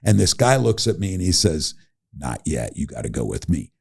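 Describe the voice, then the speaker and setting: A middle-aged man telling a story as a podcast guest, animated and laughing, acting out the people he quotes. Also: very deep voice, normal speed, gravelly, breathy edge. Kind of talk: casual storytelling.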